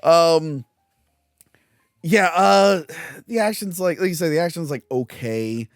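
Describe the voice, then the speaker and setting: A podcast co-host in a casual movie review chat who rants with animated energy and laughs often. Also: mid-range voice, no room sound, studio quality, soft background music. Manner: animated, ranting, quick to laugh.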